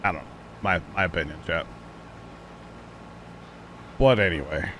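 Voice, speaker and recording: A man livestreaming a farming game, chatting casually with viewers and teammates, thanking them between quick exclamations. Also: sits low, fairly bright tone, slight background noise. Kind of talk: casual gaming livestream chat.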